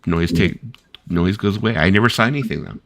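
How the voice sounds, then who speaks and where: A man's voice: sits low, brisk, vocal fry, no echo. A man in his fifties hosting a casual late-night chat, rambling through stories full of "like" and "you know" and acting out the voices of the people he quotes. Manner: rambling storyteller, filler-heavy, lots of "like" and "you know"; acts out quoted voices while telling stories. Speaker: host.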